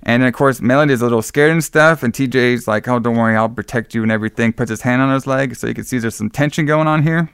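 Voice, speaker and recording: Male podcast co-host, casual rambling recap, gravelly tone, dry close mic. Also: medium pitch, fast talker, hardly any pauses, a bit bright, dry recording. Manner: loose, rambling retelling with acted-out quotes and profanity. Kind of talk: casual chat.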